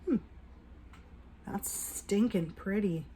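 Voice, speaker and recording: A woman vlogging a casual makeup review at home, chatty and upbeat, with hushed asides while she applies. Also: mid-range voice, normal speed, a little hiss or hum. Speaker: beauty vlogger.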